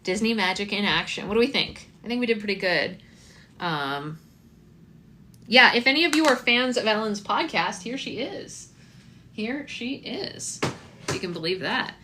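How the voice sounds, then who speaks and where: A woman's voice: mid-range voice, expressive, moderate pace, pushed and bright, a little hiss or hum. A woman in her thirties hosting a slime live stream, chatting casually and telling stories with lots of ums. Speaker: slime shop host.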